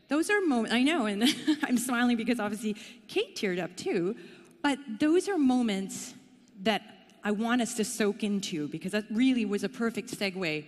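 A middle-aged woman from Canada giving a conference talk in a chatty, playful, self-deprecating way. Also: medium pitch. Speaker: conference speaker. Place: conference hall. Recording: long hall reverb.

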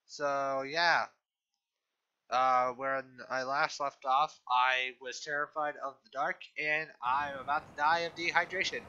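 An excitable young man talks his way through a video game in a raised voice, cursing and looping words into little chants. Steady noise sits under the recording. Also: on the high side, moderate pace, lo-fi sound. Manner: excitable, swearing, repeats words in sing-song chants. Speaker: gaming video host. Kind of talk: casual let's-play commentary.

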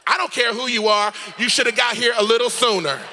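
A man preacher voicing a sassy, indignant woman who scolds loudly and refuses to leave the house. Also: very high voice, a little fast, slight background noise, exaggerated voice. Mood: sassy scolding.

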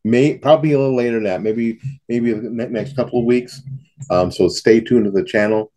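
A man's voice: medium pitch, brisk, dark tone. A man teaching saxophone students in a casual, folksy talk to camera, often repeating himself and scatting rhythms aloud. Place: home studio in front of a backdrop.

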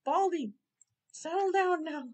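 A woman's voice: extremely high pitch, unhurried, a little mellow, pitched above the performer's own voice. A woman voicing a mischievous male prankster who casts silly spells, speaking in a sugary, teasing, falsely innocent way.

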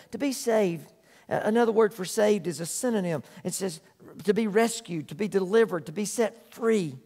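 High-voiced male pastor preaching. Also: moderate pace, vocal fry, a little mellow, in a large hall. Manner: earnest, emphatic, repeats phrases. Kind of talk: sermon. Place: church sanctuary.

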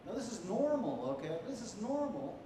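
A man judging a contest, giving spoken feedback to students in a halting way, with many "you know" and "okay?" checks. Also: high-pitched, big pitch swings, background noise. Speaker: contest judge. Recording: echoey hall, far from the mic.

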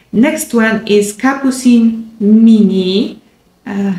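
A woman's voice: medium pitch, a little mellow. A woman vlogger chatting enthusiastically to her viewers about luxury bags, calling them "guys", with non-native English phrasing. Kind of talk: casual product review addressed to viewers. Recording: roomy echo.

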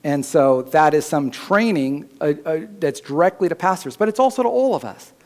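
A man preaching a sermon as pastor in a church, his voice climbing higher and louder when he voices God's words. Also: expressive, normal speed. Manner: preaching, rising loud and high when voicing God's words.

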